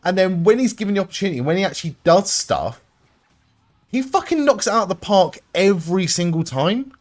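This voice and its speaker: Excitable sweary young male streamer. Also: high-pitched, fairly quick, soft background music. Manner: excitable, swears often, sarcastic asides. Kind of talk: live-streamed gameplay commentary.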